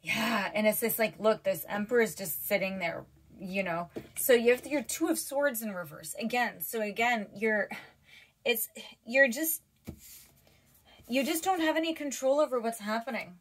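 A woman's voice: on the high side, moderate pace. Emotional, teary woman reading tarot. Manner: emotional, chatty, many fillers and restarts. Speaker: tarot reader. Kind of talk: casual tarot reading to viewers.

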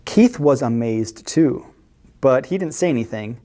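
Slow, expressive woman reading aloud. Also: low voice. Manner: expressive, storytelling. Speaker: children's librarian. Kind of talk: picture-book read-aloud.

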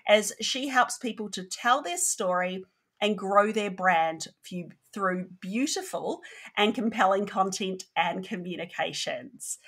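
A woman's voice: medium pitch, a bit bright. A woman hosting a marketing podcast, reading a polished intro and laughing off slips in casual chat. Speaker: podcast host.

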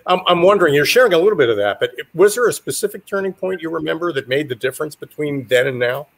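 A man on a talk show panel, asking the guest measured, thoughtful questions. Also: on the high side, expressive, gravelly. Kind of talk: interview questions.

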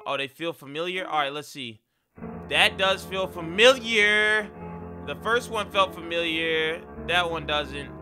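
A young man reacting to scary clips, excitable and full of slang, yelping and shouting at the scares. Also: a little high, unhurried, music in the background. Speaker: video reaction host.

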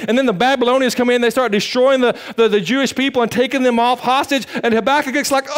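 A man pastor, preaching a sermon, swinging from loud emphatic peaks to hushed low passages. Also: fast talker, few pauses.

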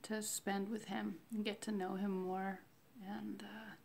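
Woman, casual devotional diary, slow and thoughtful, gravelly fry in the voice. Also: mid-range voice, little pitch movement, darkish tone, a little hiss or hum. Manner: slow, reflective, devotional, with many fillers. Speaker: vlogger sharing a fasting diary. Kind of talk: casual spoken faith diary.

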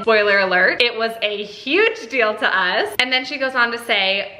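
A woman vlogging at home as a mother, talking excitedly and directly to her viewers. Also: on the high side, normal speed, hardly any pauses. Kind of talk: casual chat to camera. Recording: roomy echo.

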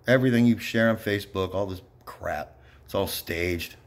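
At a normal speed and in a low voice, a man launches into an angry, rambling monologue. He's bitter and profane, ranting with lots of muttered asides and repeated "yeps."

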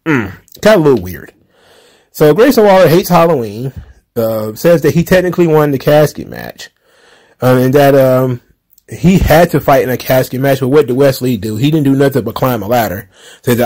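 A man's voice: medium pitch, unhurried, darkish tone. A man hosting a casual wrestling recap show, talking loosely with frequent laughs, sarcastic asides and plenty of filler words. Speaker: wrestling commentary podcaster.

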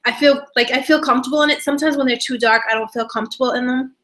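Bubbly high-voiced woman live-streaming. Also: steady tone, a bit bright. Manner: bubbly, drawn-out greetings, giggly. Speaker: YouTuber greeting live chat viewers. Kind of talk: casual live-stream chat. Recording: echoey room.

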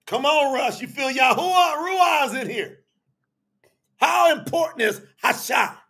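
A man preaching a livestreamed sermon, emphatic and call-and-response, shouting out to viewers by name and breaking into sudden shouts. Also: very high-pitched, lively intonation, measured pace, vocal fry. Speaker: preacher leading an online service.

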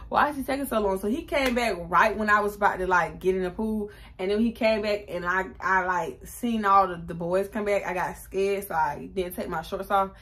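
A woman, chatting casually through a storytime and jumping up in pitch to act out quotes. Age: 20s. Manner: animated, chatty, acts out quotes with raised pitch. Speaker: vlogger.

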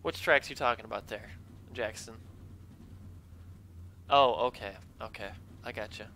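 A man's voice: mid-range voice, unhurried, bright, forceful tone, a little hiss or hum. A man commentating his own online racing game live, chatting with viewers while he drives. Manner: upbeat, talks to chat while driving.

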